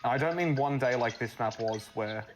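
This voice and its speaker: A man's voice: medium pitch, normal speed, rough recording. A man telling a rambling story full of fillers during a casual gaming chat, speaking over a voice call. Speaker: map builder guiding a playthrough.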